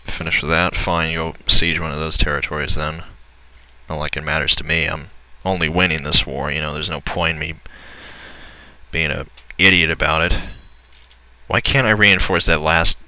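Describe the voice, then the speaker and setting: A man's voice: extremely low pitch, fairly even intonation, normal speed, bright, forceful tone, smooth, no room sound, rough recording. A young man commenting on a strategy game as he plays, grumbling and swearing at the computer opponents. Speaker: let's player. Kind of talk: gameplay commentary.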